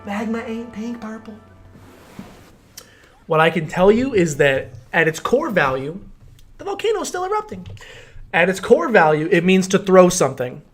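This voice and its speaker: A young man streaming a game, rambling jokily with mock-serious explanations, faint game music behind. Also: on the high side. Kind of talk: casual gameplay commentary.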